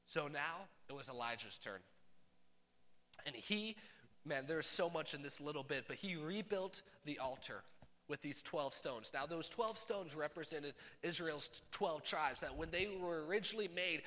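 Male pastor, high ringing voice, animated sermon delivery, reverberant hall. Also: normal speed. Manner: animated, swings from loud bursts to hushed asides. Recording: long reverb of a large hall.

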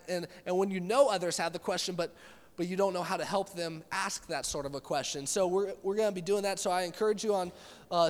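A man's voice: high voice, long reverb tail. A young man, a youth pastor, giving a casual, conversational sermon with many fillers and restarts, in a church meeting room.

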